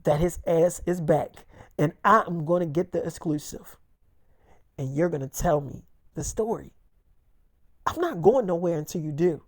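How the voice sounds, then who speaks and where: A woman voicing a brash, pushy young woman who runs a podcast, talking low and insistently. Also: normal speed, darkish tone, no echo, clean studio sound, lightly acted.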